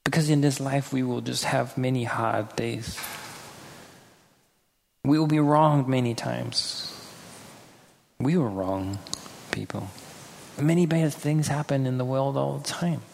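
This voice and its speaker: A man's voice: mid-range voice, slow, creaky, long pauses, darkish tone, a little hiss or hum. A man preaching a sermon earnestly, acting out quoted people now and then, in a church hall. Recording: hall reverb with faint ambience.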